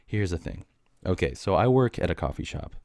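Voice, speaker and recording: A man's voice: low voice, expressive, fairly quick, creaky, a little mellow, no echo, clean studio sound. A young man hosting a solo podcast, ranting in a casual, exasperated and mocking way about customers at his coffee shop job. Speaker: podcast host.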